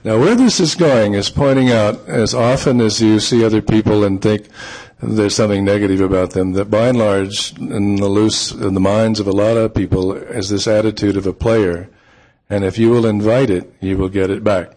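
Low-voiced man telling a relaxed story. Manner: relaxed, unhurried, with frequent ums. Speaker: author. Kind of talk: storytelling talk.

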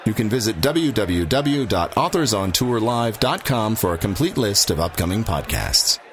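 A man's voice: lowish voice, sing-song, normal speed, slight background noise. A man hosting a podcast, reading a scripted show introduction in an announcer-like manner. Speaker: podcast host. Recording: voice over loud music. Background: music.

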